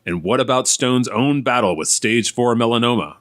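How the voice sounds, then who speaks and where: A man putting on the voice of a dramatic male movie-trailer announcer, reading a spoof film blurb slowly and deliberately. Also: mid-range voice, animated, a bit bright, dry recording, clean studio sound, natural voice.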